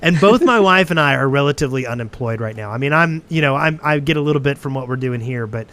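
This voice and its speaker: A man's voice: medium pitch, animated, quick pace, a bit bright. A young man hosting a podcast in casual chat, rambling and self-deprecating, laughing often. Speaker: podcast host.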